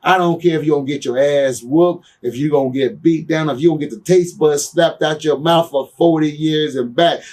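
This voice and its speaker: This ex-wrestler's voice sits on the high side with a darkish tone, moving at a moderate pace with hardly any pauses and picked up from afar. In a shoot interview he recounts stories bluntly, swearing often, saying "you know what I'm saying," and heating up over grudges.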